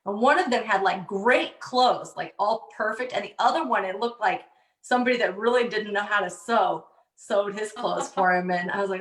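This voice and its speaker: A woman co-hosting a comedy talk show, asking questions in a relaxed, chatty way. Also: mid-range voice, moderate pace, reverberant, poor audio. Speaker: podcast co-host. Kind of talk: casual chat.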